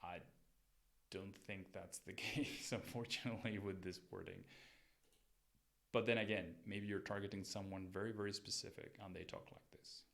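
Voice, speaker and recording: A man's voice: lowish voice, fairly even intonation, moderate pace, vocal fry, a bit bright. A man hosting a show where he reviews listeners' podcasts, giving friendly and direct coaching advice in a casual way.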